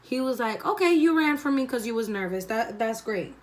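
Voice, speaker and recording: This is a young woman vlogging from home as she does her makeup, telling a crude, animated story and mimicking the people in it. She speaks a little fast in a fairly high voice.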